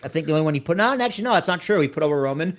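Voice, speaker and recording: A man's voice: a little high, lively intonation, very fast. A man co-hosting a wrestling podcast, giving wry, opinionated takes in casual chat. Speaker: podcast co-host.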